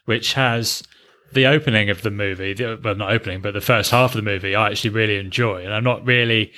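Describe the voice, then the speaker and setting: A man's voice: fairly low pitch, fairly even intonation, fast talker, sharp tone. A man co-hosting a casual chat, blunt and sarcastic, swearing freely. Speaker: podcast co-host.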